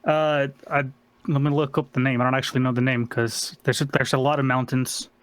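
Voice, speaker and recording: A man's voice: medium pitch, level tone, fairly quick, fairly bright tone, no echo. Hesitant man with a Norwegian accent. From Norway. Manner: hesitant, stumbling, polite. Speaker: participant in a debate chat.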